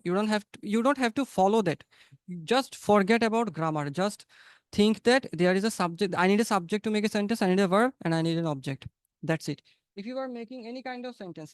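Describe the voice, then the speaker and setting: High, clear-voiced man teaching. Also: dry recording, studio quality. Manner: encouraging, repeats phrases, coaching tone. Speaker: English conversation teacher. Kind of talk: live webinar teaching. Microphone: video call.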